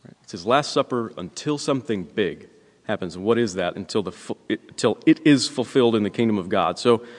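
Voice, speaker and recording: A man with a lowish voice preaches a sermon in an easy, conversational way, checking in with the congregation and filling his pauses. His voice carries a long reverb from a church sanctuary. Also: expressive. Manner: conversational preaching with frequent "right?" and "uh" fillers. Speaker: pastor.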